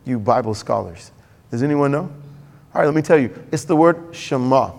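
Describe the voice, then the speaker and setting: A man's voice: mid-range voice, expressive, moderate pace, vocal fry, darkish tone. Man preaching in a reverberant hall. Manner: conversational preaching, acts out quoted voices. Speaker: pastor. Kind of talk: sermon.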